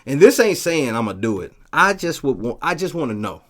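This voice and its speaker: A man hosting a casual livestream, talking profanely and telling stories with lively shouted bits as he reads the chat. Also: mid-range voice, brisk. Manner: profane, animated storytelling with shouted quotes. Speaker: livestream host reading chat.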